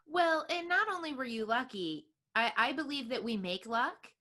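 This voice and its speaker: A woman's voice: high voice, animated, moderate pace, bright, forceful tone. A woman hosting a business podcast, encouraging and affirming her guest as she reflects and asks questions. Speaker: podcast host. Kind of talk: podcast interview conversation.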